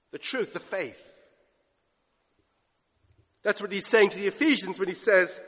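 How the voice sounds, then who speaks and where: Emphatic preacher in a reverberant hall. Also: male voice, high voice, moderate pace, long pauses, slightly rough. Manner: emphatic, swinging between loud declarations and hushed asides. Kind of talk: sermon. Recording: long reverb of a church hall.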